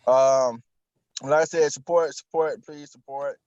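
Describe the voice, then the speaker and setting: A man's voice: medium pitch, steady tone, a little slow, darkish tone, dry recording, highs cut off. A man co-hosting a live podcast, bantering and cursing in a joking way. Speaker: podcast co-host. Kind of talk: casual live-stream chat.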